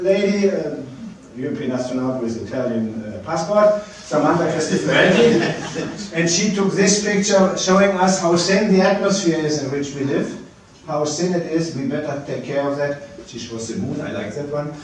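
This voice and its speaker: Halting man lecturing in an echoey hall. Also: fairly high pitch, a little hiss or hum. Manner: halting, many filler hesitations. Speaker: guest lecturer. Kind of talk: public talk with slides. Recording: very echoey hall, distant mic.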